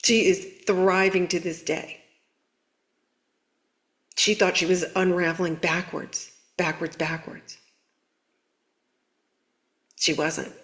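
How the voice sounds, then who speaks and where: A woman hosting a spiritual guidance video, talking in an earnest, conversational, animated way. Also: fairly low pitch, slow, long pauses. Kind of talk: casual spiritual coaching talk.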